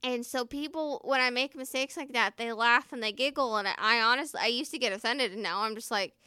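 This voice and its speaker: Bright, candid young-sounding woman swearing freely. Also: a little high, fairly quick, clear, resonant tone, no room sound, clean studio sound. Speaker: first responder. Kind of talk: casual storytelling vlog.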